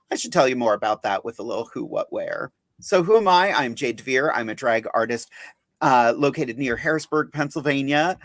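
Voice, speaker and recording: A man's voice: mid-range voice, fairly bright tone, dry recording. A man who is a drag artist hosts a live podcast in a chatty, upbeat and self-mocking way. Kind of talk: casual livestream chat.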